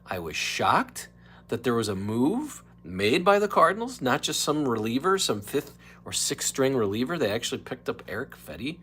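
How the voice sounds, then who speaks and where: A man hosting his own livestream podcast, rambling casually between topics and slipping into quick impressions. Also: mid-range voice, very animated, a bit bright, a little hiss or hum. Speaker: podcast host. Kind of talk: casual solo livestream chat.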